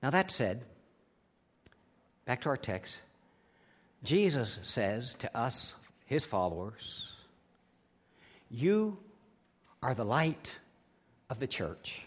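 A man's voice: mid-range voice, big pitch swings, takes it slowly, pauses often, husky. A man preaching a sermon as pastor, emphatic and telling anecdotes with a chuckle. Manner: preachy, emphatic delivery with rising and falling volume.

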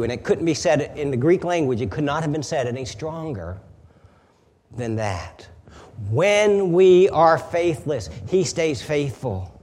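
A man preaching a sermon as a pastor, emphatic, building louder on repeated phrases. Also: on the high side, animated, a little slow, long reverb tail.

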